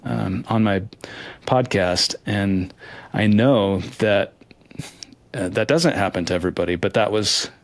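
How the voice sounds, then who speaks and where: Measured in pace and fairly low in pitch, this man's voice comes with no room sound. He's a lottery winner being interviewed, replying candidly and thoughtfully in an earnest, hesitant way, often restarting and laughing softly.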